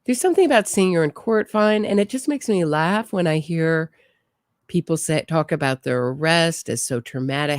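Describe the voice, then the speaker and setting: Hosting a true crime live stream, a low-voiced woman chats casually and laughs a lot, clearly amused as she reacts to footage. The audio is clean studio sound without echo.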